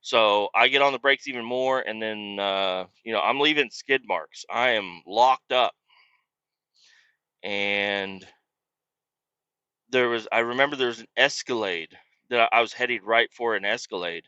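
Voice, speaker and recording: A man's voice: fairly low pitch, a little slow, bright, forceful tone, clear, resonant tone, no room sound, highs cut off. A man hosting a podcast, telling a story in a casual, profane, rambling way and poking fun at himself. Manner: profane, rambling, self-mocking. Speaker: podcast host.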